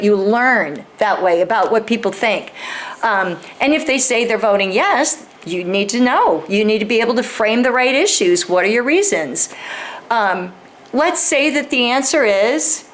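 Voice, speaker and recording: A woman's voice: on the high side, lively intonation, normal speed, slight background noise. A woman speaker teaching a group in a conversational way, acting out sample dialogues and asking the audience questions directly. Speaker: speaker teaching a class on persuasion. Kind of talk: instructional talk to a live group.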